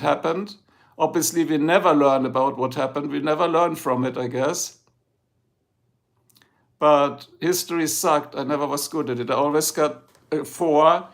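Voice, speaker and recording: Gravelly German-accented man chatting to viewers. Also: a little high. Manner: rambling, talks straight to the chat. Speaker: livestream host. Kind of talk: casual livestream chat.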